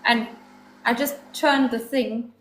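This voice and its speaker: A chatty woman host telling a rambling story with plenty of swearing and quick asides, her voice on the higher side. The recording has a noticeable roomy echo. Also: fairly even intonation. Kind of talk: casual chat, storytelling. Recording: echoey room.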